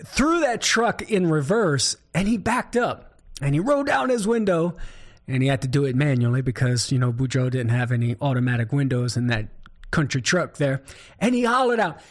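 A Cajun man with a slightly high voice hosts a talk show, delivering his commentary in a lively, swooping way. He tells stories with plenty of chuckles and varies his pace. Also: moderate pace. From southern Louisiana. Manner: animated storyteller, chuckles often. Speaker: show host, Catholic apologist.

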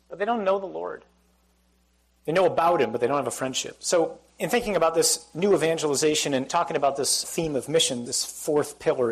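Husky priest guy preaching, jokey and chatty, talks right to the crowd. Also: a little high, low-quality recording. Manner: conversational, asks the crowd questions, humorous asides. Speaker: Catholic priest. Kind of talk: sermon. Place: church or hall with audience.

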